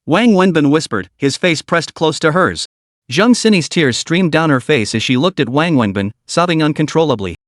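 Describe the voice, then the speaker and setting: A man's voice: on the high side, sing-song, a little fast, dry recording, studio quality. A man giving scripted narration of a comic story recap.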